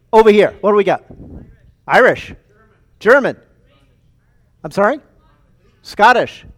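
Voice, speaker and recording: A male pastor with a fairly high voice preaches a sermon. He talks with animated energy, repeats words as he builds his points, and calls out to the congregation. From United States. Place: church sanctuary.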